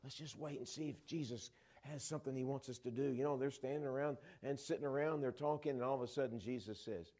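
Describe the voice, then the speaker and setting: A man's voice: mid-range voice, quick pace, mellow. A middle-aged man from the Dallas area preaching a sermon, retelling Bible scenes and acting out the voices of the disciples. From Dallas area, Texas.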